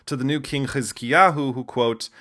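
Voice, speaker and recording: A man's voice: mid-range voice, normal speed, bright, forceful tone. A man giving humorous scripted narration, sliding in wry, casual asides.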